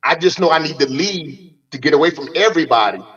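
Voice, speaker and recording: A middle-aged man hosting a casual conversation, speaking bluntly and acting out the exchanges he describes. His voice sits a little high for a man, and the live-stream audio sounds dull and lo-fi. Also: animated, fast, fairly bright tone. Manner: blunt, profane, acts out quoted exchanges. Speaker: host.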